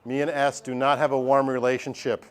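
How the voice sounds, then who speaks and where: A man teaching a math class, lively and joking as he talks straight to his students in a classroom. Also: medium pitch, a little fast, clean tone. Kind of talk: classroom lesson.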